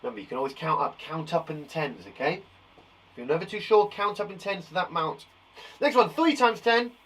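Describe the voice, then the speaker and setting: A man's voice: on the high side, animated, brisk, a bit bright, slightly rough, low-quality recording. Upbeat male teacher. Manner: encouraging, chatty and reassuring. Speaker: primary school teacher. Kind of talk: live children's maths lesson.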